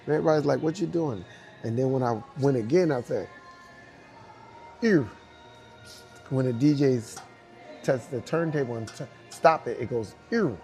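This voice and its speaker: Soft music sits under this brisk, slightly mellow mid-range male voice. The guest, a New York dancer, spins an animated story in an interview, imitating voices and noises and swearing and laughing as he goes.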